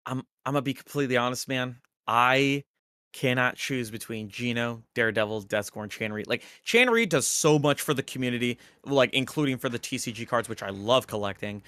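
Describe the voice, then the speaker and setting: Bright lively man, dry close mic. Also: mid-range voice, a little fast, smooth, dry recording. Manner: animated, laughs often, profane. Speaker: co-host. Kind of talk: casual live-stream chat.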